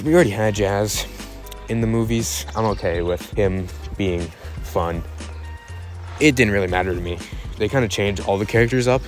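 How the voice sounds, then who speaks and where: A man with a fairly low voice talks through his thoughts in a casual vlog. He rambles in a laid-back way and stumbles and corrects himself often. Faint music plays behind him. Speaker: YouTube channel host.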